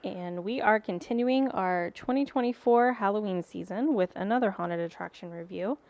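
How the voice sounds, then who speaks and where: A woman's voice: mid-range voice, moderate pace, a little mellow, no room sound. A woman co-hosting a podcast, chatting casually with frequent ums and likes. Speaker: podcast co-host. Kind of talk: casual chat.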